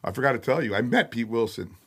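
A middle-aged man, a metal singer telling stories as a podcast guest, animated, laughing and swearing freely. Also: mid-range voice, fast talker. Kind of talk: casual storytelling chat. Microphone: podcast studio mic.

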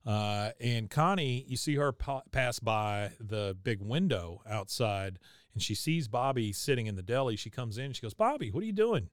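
A man's voice: lowish voice, moderate pace, no room sound, clean studio sound. A man co-hosting a podcast in casual chat, retelling scenes from a cartoon episode and quoting its characters. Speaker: podcast co-host.

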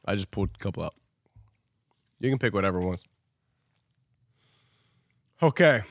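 A man's voice: deep voice, creaky, dry recording, clean studio sound. A man co-hosting a casual podcast chat, laughing often and stretching words out oddly as he plays a word game. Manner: giggly, drawls words out slowly and oddly. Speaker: podcast co-host.

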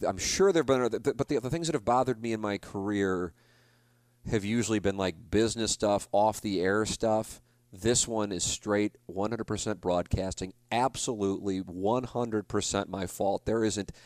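Rambling, low-voiced broadcaster in his forties. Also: no echo. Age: 40s. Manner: rambling, confessional, self-deprecating, many restarts. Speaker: sports broadcaster. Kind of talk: solo podcast storytelling.

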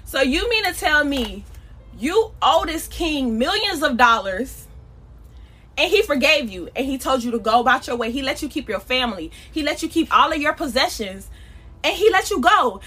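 A woman preaching a casual podcast sermon in a high, bright voice. She is emphatic and conversational, with slangy turns of phrase. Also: animated, normal speed.

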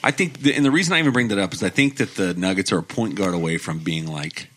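A man's voice: low voice, quick pace, fairly bright tone. A man co-hosting a podcast in casual sports chat, thinking aloud with fillers as he weighs trades. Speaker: podcast co-host.

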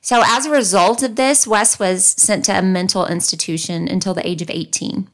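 A woman's voice: mid-range voice, steady tone, normal speed, a bit bright. A woman from the American South hosting a podcast, narrating a true crime case with wry asides. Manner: conversational, reads facts then comments wryly. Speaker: podcast host.

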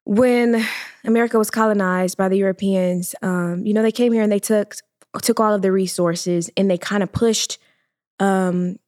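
A woman's voice: mid-range voice, steady tone, normal speed, darkish tone, no echo, studio quality. A woman co-hosting a podcast, explaining her views in a casual, thoughtful way. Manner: explanatory, thoughtful, many fillers. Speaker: podcast co-host.

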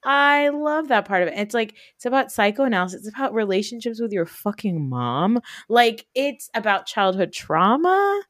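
A woman in her thirties with a New Jersey accent, hosting a podcast in animated, casual chat full of fillers and swearing. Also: a little high, normal speed, few pauses, no room sound, studio quality. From North Jersey, USA. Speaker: podcast host.

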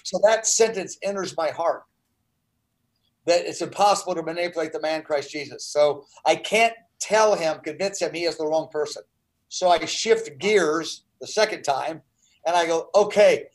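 A man's voice: fairly high pitch, moderate pace, low-quality recording. A man in his sixties telling a personal story as an interview guest, earnest and full of restarts. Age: 60s.

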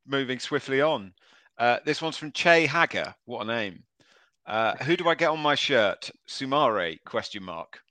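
A man hosting a casual podcast, reading out listener questions, laughing often and moving the chat along briskly. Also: medium pitch, lively intonation, bright, forceful tone, no echo.

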